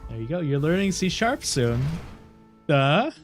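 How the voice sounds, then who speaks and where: A man's voice: on the high side, sing-song, fairly quick, faint music behind. A young man with a nasal voice, rambling casually while streaming a game, laughing often and swearing now and then. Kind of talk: casual gaming stream chat.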